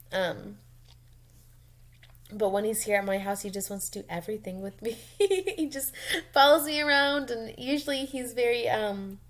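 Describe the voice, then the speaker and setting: A young woman talks about motherhood in a casual personal vlog. Her pitch sits in the middle, and she takes her time. She rambles and grows emotional, with frequent ums and soft laughs. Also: creaky. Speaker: mom vlogger.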